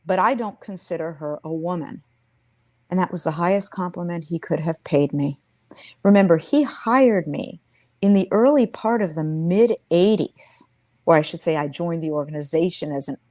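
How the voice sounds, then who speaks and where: A woman's voice: on the low side, a little mellow, no echo. A woman in her sixties speaking earnestly and reflectively as an interview guest, often restarting her sentences. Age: 60s. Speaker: interview guest, former sports team executive. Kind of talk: conversational interview storytelling.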